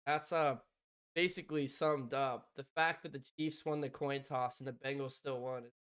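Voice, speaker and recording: A male fan streamer, giving play-by-play of a live game in an ordinary mid-range voice. His delivery ranges from shouted excitement to quiet, stunned murmuring, with laughter breaking in often. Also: mid-range voice, normal speed, clear, resonant tone. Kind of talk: live fan reaction commentary.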